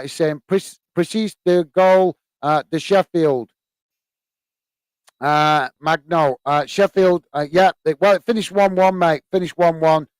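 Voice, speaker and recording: A British man hosts a casual football live stream, reading viewers' chat messages aloud. He talks in a halting way, full of "uh" and "um", and calls everyone "mate". His voice is smooth and a bit high, recorded dry and close. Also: dry recording.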